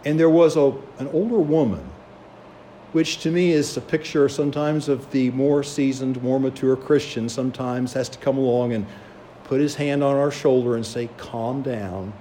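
A man's voice: mid-range voice, fairly even intonation, normal speed, dark tone, a little hiss or hum. A man preaching a sermon, telling a story and acting out the voices of its people. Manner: storytelling, acts out quoted voices.

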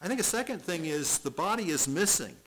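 Fervent preacher man, higher voice. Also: expressive, brisk, rough recording. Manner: reads scripture aloud, repeats words, swings between loud and hushed. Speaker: pastor. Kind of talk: expository sermon.

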